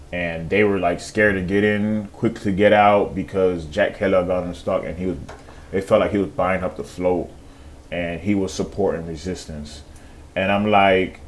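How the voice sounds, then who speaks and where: A man who trades stocks tells a story in a casual, profane way, slipping into quoted voices as he goes. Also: sits low. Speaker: day trader.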